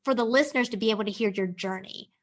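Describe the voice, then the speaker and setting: A woman hosting an interview podcast, bubbly and quick to laugh, with a slight country twang. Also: mid-range voice. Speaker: podcast host.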